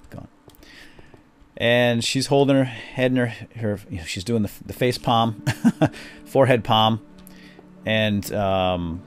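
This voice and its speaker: A middle-aged man telling a family story while playing a game, switching to quiet muttering when he deals with the game. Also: lowish voice. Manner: animated storyteller, drops to quiet muttering over game actions. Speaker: gaming video host. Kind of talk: storytelling during a game playthrough.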